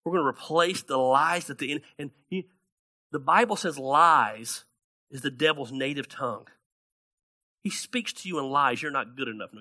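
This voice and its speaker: A male pastor delivering a sermon with a bright, forceful voice that sits a little high. He talks animatedly and slips into the voices of the people in his Bible stories.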